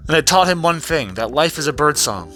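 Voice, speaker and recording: A man with a fairly high, bright voice talks through a trial recap in casual vlog style. He tells it with profanity and animation, jumping into other voices for quotes, with faint music underneath. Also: sing-song, a little fast.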